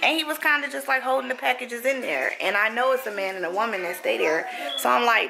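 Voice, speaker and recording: A woman's voice: a little high, gravelly, crowd noise, low-quality recording. Chatty woman vlogging from a car. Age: 30s. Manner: chatty, animated, quick to laugh. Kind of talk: casual chat to camera. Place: passenger seat of a moving car. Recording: road noise inside a moving car.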